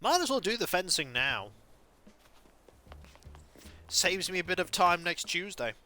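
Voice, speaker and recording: A man chats his way through a cozy life-sim game on a livestream, slipping between cheerful remarks and half-muttered asides. His voice sits a little high and bounces around with plenty of lift. The tone is bright and forward, with quiet game music playing underneath. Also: very animated, unhurried. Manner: chatty, muttering asides to chat. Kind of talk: casual gameplay commentary.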